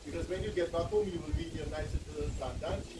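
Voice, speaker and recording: A Trinidadian man whose first tongue is patois leads a village tour, explaining word by word and checking that his listeners follow. His voice sits a little high and is picked up from a distance, with echo and heavy outdoor noise behind him. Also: fast. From Trinidad and Tobago. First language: Trinidadian French Creole (patois). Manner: teaching, repeats words and checks understanding. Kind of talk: explaining on a guided walking tour. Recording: distant, echoey outdoor recording with loud ambient noise.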